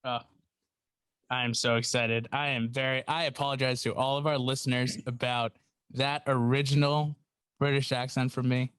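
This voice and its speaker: A man's voice: medium pitch, flat delivery, moderate pace, fairly bright tone, smooth, dry recording. A young man hosts a laid-back golf podcast with friends. He jokes and pokes fun at himself in loose banter. His voice sits close to the mic, with a dry sound. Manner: jokey, laughs at himself. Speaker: podcast host.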